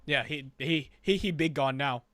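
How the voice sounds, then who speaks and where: A man co-hosting a fan review podcast, chatting casually with excitable, quick back-and-forth banter. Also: on the high side, dry recording, clean studio sound. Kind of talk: casual chat.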